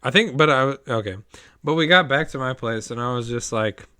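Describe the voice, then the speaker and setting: A young man in casual podcast chat, telling an animated story, acting out quoted lines and swearing freely. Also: medium pitch, a little fast, clear, resonant tone. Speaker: podcast co-host.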